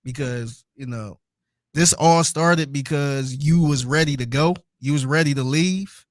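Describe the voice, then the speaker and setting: A man's voice: on the high side, unhurried, no room sound, clean studio sound. A man co-hosting a podcast in casual chat, telling his view animatedly with laughs between points. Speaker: podcast co-host.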